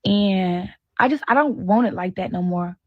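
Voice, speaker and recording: A woman's voice: mid-range voice, normal speed, no echo, muffled recording. A single mother talking earnestly about wanting love, in a confessional vlog.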